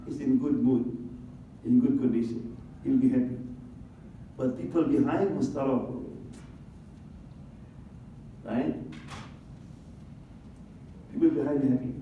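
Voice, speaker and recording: Imam in an echoey hall. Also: male voice, mid-range voice, measured pace, long pauses, a little hiss or hum. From Indonesia. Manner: asks the audience questions, acts out little scenes. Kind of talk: religious talk to an audience. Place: large conference hall. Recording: echoey, dull sound from a distant mic.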